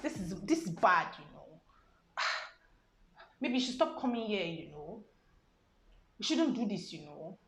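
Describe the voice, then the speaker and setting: A woman imitating a brash young man who fakes American slang, loud and cursing, with "you know" after every line. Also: medium pitch, big pitch swings, takes it slowly, long pauses, exaggerated voice. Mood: mock-serious. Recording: roomy with music behind.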